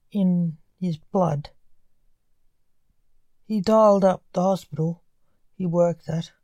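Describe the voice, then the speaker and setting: A woman narrating a dark story in a measured, deliberate reading style. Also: mid-range voice, no room sound.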